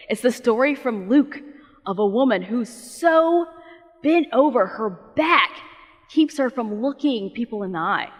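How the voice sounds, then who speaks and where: A woman's voice: on the high side, fairly bright tone. A woman pastor giving a sermon in a conversational, storytelling way, with playful, casual asides. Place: church. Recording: long reverb of a church sanctuary.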